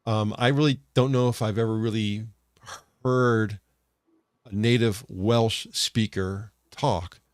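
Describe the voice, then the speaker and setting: A man's voice: fairly low pitch, fairly even intonation, takes it slowly, clean tone, no room sound, studio quality. An American man co-hosting a casual podcast chat. He rambles, often correcting himself and restarting his sentences. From United States. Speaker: podcast co-host.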